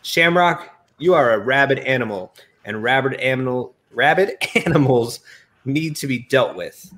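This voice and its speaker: A man's voice: medium pitch, moderate pace, fairly bright tone, close to an everyday voice. A man doing a taunting brash wrestler. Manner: taunting, emphatic. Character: brash male wrestler with sticks, mocking.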